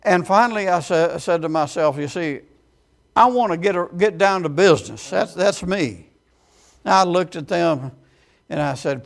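A man's voice: high voice, expressive, unhurried, gravelly. A man preaching a sermon as a storytelling testimony, with frequent amens and quoted voices acted out.

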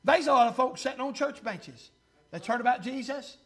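Preacher guy, real high voice, fervent, lots of uh's, swells up loud then drops way down. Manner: fervent, pausing with 'uh' and surging louder then dropping low. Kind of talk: revival-style sermon.

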